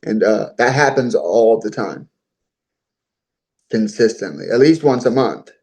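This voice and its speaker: A man's voice: on the low side, lively intonation, measured pace, a little mellow, poor audio. A man being interviewed, telling his own story in an earnest, talkative way and repeating himself often. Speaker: interview guest.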